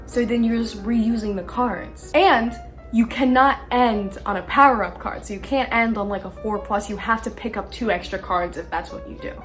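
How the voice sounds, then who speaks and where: Chatty woman vlogger, higher voice. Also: moderate pace, faint music behind. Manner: chatty, laughs often between thoughts; animated when retelling arguments. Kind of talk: casual chat.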